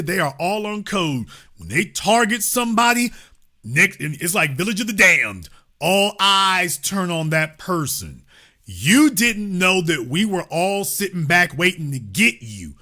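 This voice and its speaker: A man's voice: high voice, pushed and bright. A man hosting an impassioned commentary show, speaking emphatically and repeating phrases for effect. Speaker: host.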